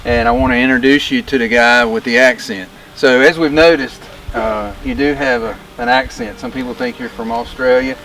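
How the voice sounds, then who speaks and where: A man hosting a documentary vlog, talking earnestly with halting pauses and fillers. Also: medium pitch, expressive, gravelly, a bit bright, a little hiss or hum, poor audio. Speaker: documentary host. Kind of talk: casual vlog narration.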